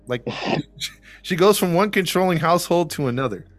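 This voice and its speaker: A podcast host with a slightly high, expressive voice tells a true-crime story casually at normal speed, with faint music behind him. He rambles, uses lots of fillers, and acts out the quotes.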